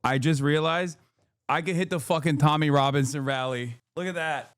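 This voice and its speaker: A man rants through a live reaction to a video, animated and profane. His voice sits a little high and sounds smooth and resonant. The sound is dry and close, with no room echo. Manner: animated, profane, quick to laugh and rant. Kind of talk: casual live reaction commentary.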